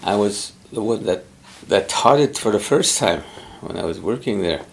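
Brief: middle-aged man, gravelly, unhurried, thoughtful interviewee. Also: on the low side, expressive, slight background noise. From Pimicikamak Cree Nation, Canada. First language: Cree. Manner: measured, thoughtful, pauses often to find words. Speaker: interviewee, former Cree teacher. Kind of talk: conversational interview.

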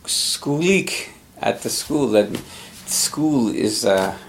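This interviewee, a former Cree teacher from Pimicikamak Cree Nation in Canada, grew up speaking Cree. Middle-aged, with a gravelly, darkish voice of medium pitch, he talks in a measured, unhurried way and pauses frequently to find words, over slight background noise.

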